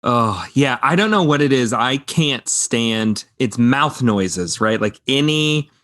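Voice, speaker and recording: A man in his thirties co-hosting a podcast in casual chat, animated and quick with asides. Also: medium pitch. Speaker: podcast co-host.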